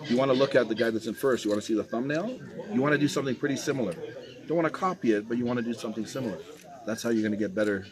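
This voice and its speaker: A man in a casual coaching chat, direct and animated as he pushes a beginner to keep going. A crowd chatters clearly behind him. His voice sits at an everyday middle pitch. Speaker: YouTube coach giving advice.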